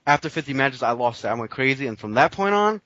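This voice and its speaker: A man's voice: mid-range voice, very animated, fast, a bit bright, no room sound. A man on a casual podcast, arguing his points emphatically and swearing freely. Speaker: podcast guest, fighting game player. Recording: dull lo-fi dry recording.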